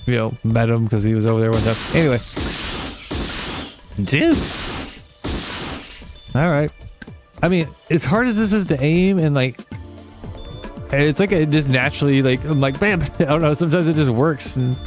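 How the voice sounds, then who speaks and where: A man's voice: darkish tone, soft background music. Rambling young man telling stories while gaming. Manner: rambling storyteller, swears casually, quick pitch jumps when quoting people. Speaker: gaming channel host. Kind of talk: casual let's-play chat while gaming.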